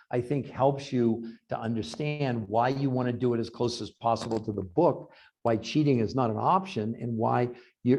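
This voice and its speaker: A man who researches health, telling long anecdotes in an interview over a video call, acting out quoted lines. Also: mid-range voice. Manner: animated anecdotes with acted-out quotes. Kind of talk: storytelling in an interview.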